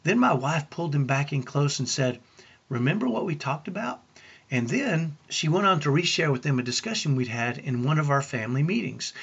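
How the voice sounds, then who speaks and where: Speaking briskly and with few pauses, a man who coaches parents shares family stories earnestly and poses rhetorical questions to the listener. His voice is a little high, animated, fairly bright, and slightly rough, with the highs cut off.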